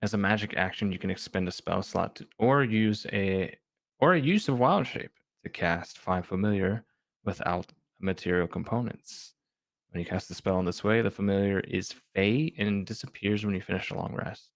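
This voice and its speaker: A man's voice: on the low side, normal speed, vocal fry, no room sound. A man co-hosting a podcast, chatting easily and reading game rules aloud. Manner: easygoing, reads rules aloud plainly. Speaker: podcast co-host. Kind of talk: casual chat about tabletop game rules.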